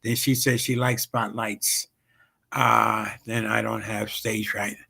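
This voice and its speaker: A man's voice: fairly low pitch, flat delivery, slow, creaky, heavy background noise. A comedian hosting his own show tells a rambling, profane story full of fillers and repeated "bam, bam". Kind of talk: casual storytelling on a livestream show.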